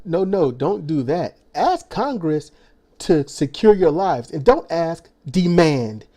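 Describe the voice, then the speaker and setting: Male host, angry sarcastic rant, profane, mellow slightly high voice. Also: sing-song, slow. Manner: angry, profane, sarcastic ranting with stumbling restarts. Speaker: reaction video host. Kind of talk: ranting commentary.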